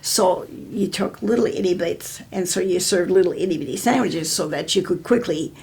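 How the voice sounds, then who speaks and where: A woman's voice: on the low side, normal speed, a little mellow, slightly rough. An older American woman telling stories in an oral history interview, rambling with many restarts.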